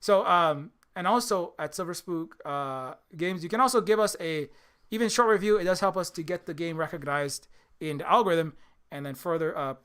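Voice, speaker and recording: A man who develops indie games, talking casually on a stream in a rambling, animated and profane way with many restarts. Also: on the high side, clean tone.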